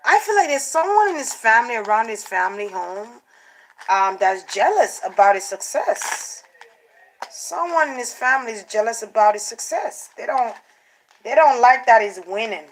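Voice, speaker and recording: A woman doing a casual spiritual card reading for her channel, talking in an animated way, repeating phrases and acting out what others might say. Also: fairly high pitch, moderate pace, poor audio. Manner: animated, repeats herself, acts out quotes. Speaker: tarot card reader.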